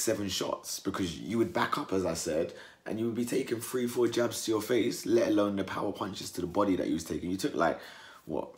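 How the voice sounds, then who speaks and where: A young man from England, giving a casual post-fight reaction and acting out the fighters in mocking voices. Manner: animated, acts out fighters' words in mocking high voices. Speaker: boxing commentator.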